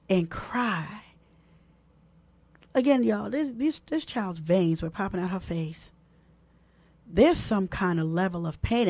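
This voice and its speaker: A woman hosting a live stream, giving animated, preachy advice and repeating key points for emphasis, speaking. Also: mid-range voice, no room sound. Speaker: host.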